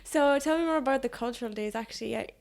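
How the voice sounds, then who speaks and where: A woman co-hosts a casual podcast and asks curious, teasing questions. Her voice sits a little high for a woman. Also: quick pace, vocal fry. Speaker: podcast co-host. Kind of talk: casual chat.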